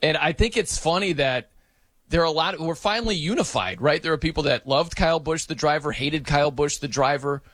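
A man hosting sports talk, animated and joking, laughing as he riffs on the news. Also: on the high side, a little fast, dry recording. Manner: animated, joking, breaks into mock announcer voices. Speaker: sports radio host.

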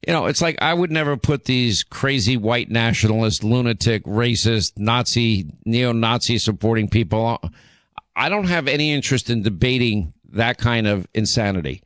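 A man hosting a talk radio show rants in an indignant, emphatic voice, often stopping to restart his sentences. His pitch sits in an ordinary middle range. The studio sound is dry and close. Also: animated, normal speed, fairly bright tone, no echo. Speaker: radio and podcast host.

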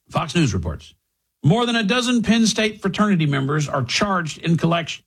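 Gravelly middle-aged male talk host. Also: mid-range voice. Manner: rambling, conversational, with many restarts and asides. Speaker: radio talk show host. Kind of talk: casual monologue with listener talk.

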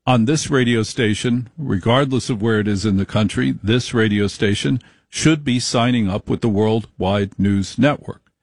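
Male radio exec, gravelly delivery, punchy repetition, dry close sound. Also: lowish voice, normal speed, no room sound. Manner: emphatic, repetitive, salesman-like. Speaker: radio executive giving a speech. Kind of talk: speech to radio affiliates.

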